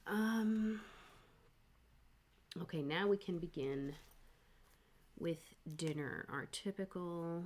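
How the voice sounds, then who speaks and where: A woman hosting a live planning stream at her home desk into a desk microphone, talking softly and half to herself as she works. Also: fairly low pitch, takes it slowly, long pauses, slight background noise. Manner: soft-spoken, muttering to herself while she works. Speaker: planner livestream host. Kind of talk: casual live planning chat.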